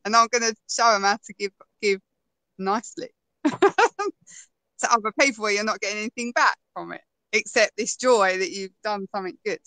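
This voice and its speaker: Bright, chatty woman. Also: mid-range voice, lively intonation, normal speed, no echo, low-quality recording. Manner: chatty storyteller, laughs often. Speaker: guest. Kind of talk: casual conversation.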